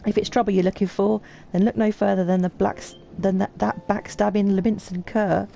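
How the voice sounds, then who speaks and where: A woman's voice: medium pitch, little pitch movement, a little fast, gravelly, dark tone, lightly acted. A woman voicing a hostile, grumbling male craftsman who speaks in a snarling, scornful way.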